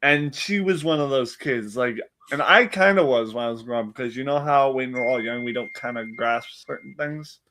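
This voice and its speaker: A man's voice: medium pitch, brisk, hardly any pauses, bright, forceful tone, slight background noise. A man telling a rambling personal story in casual chat, laughing often and acting out the voices of family members. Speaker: stream co-host telling a story.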